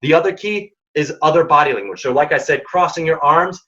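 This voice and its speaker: Workshop speaker: man with a bright, slightly high voice, punchy and direct coaching, dull lo-fi recording. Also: fairly quick. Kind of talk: career advice workshop talk.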